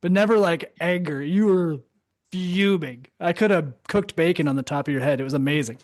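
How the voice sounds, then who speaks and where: A man telling a war story in casual chat, animated, laughing often and cursing freely. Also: fairly high pitch, fairly quick, no echo, studio quality. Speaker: podcast host, Marine veteran.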